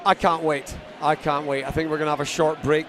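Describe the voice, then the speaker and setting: Excitable Scottish man commentating. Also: on the high side, a little fast. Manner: excitable, effusive. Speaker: event commentator. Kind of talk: live sports commentary. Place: outdoor competition venue. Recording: noisy outdoor event.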